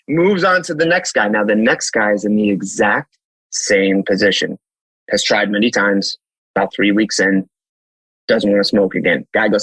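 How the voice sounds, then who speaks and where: A man in his thirties with a slightly husky voice talks as a fitness coach on a podcast. He tells stories with energy, acting out both sides of conversations and swearing casually. The sound is dry and close, with little room in it. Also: lowish voice, moderate pace, no room sound, rough recording. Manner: energetic, storytelling, acts out dialogue, swears casually.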